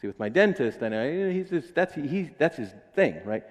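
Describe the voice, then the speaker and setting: A man's voice: fairly high pitch, very animated, moderate pace, long reverb tail. A man with an American accent preaching a sermon in a casual, joking way, acting out little voices. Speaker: pastor. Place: church sanctuary.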